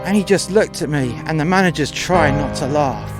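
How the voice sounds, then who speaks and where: A man's voice: on the high side, moderate pace, over music. Blunt, profane man telling a story. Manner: crude, confrontational, acts out both sides of dialogue. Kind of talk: first-person storytelling.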